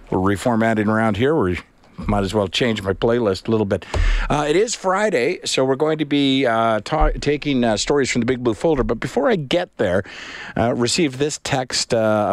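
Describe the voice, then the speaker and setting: A middle-aged man hosting an afternoon radio talk show, chatting in a relaxed, rambling way with many pauses. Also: fairly low pitch, no room sound. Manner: relaxed, rambling, frequent uhs. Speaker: radio host.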